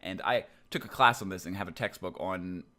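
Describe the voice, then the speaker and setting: A young man with a fairly low voice walks through Japanese grammar in a relaxed, loose way, sprinkling in ums and likes as he explains. He sounds like a casual online language teacher. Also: brisk.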